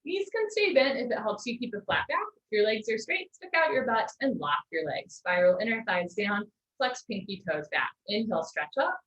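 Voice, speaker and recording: A woman teaching a live online yoga class, giving steady posture cues with gentle encouraging asides. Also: mid-range voice, moderate pace, hardly any pauses. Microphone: video call. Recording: echoey lo-fi video call audio.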